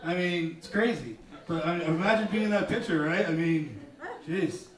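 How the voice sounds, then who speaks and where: A man doing a crude, animated stand-up comedy set, often slipping into mocking voices. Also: on the high side, moderate pace. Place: small theater stage. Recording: roomy, distant mic, loud crowd laughter.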